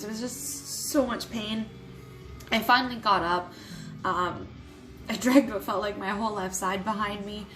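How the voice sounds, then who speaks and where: A young adult woman telling a personal story to camera in a vlog, candid and quick to swear, with nervous little laughs. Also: a little high, rough recording. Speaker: vlogger.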